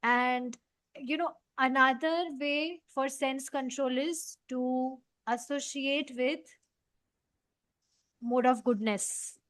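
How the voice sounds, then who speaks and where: A woman's voice: high voice, slow, a bit bright, no room sound. A woman leading a devotional scripture class, explaining earnestly with many fillers. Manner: earnest, explaining, frequent "you know" fillers. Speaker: study group leader.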